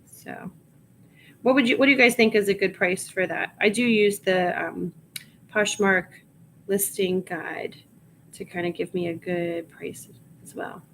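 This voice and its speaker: A woman's voice: medium pitch, steady tone, a little slow, fairly bright tone, slight background noise, rough recording. A woman with a Long Island accent chatting casually on a livestream, reading bits of her work aloud to herself as she goes. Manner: muttering and reading aloud to herself while typing. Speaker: reseller listing items live. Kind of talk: casual livestream chat while working.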